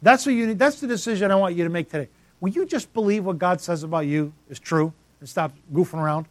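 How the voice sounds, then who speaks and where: Emphatic, high-voiced male pastor preaching. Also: quick pace, dry recording. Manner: emphatic, repetitive, calls out congregants by name. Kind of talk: sermon.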